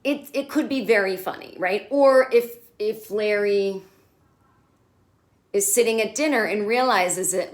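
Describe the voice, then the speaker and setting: Brief: woman comedian, chatty and sarcastic, casual recap host, mid-pitched. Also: unhurried. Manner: animated, sarcastic, swears.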